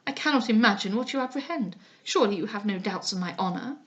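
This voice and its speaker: Ardent gentleman suitor, read by a woman: effusive, flowery, insistent. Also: medium pitch, expressive, fast talker, dull audio, lightly acted. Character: smooth, ardent male gentleman suitor, pushy. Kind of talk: dramatized audiobook reading.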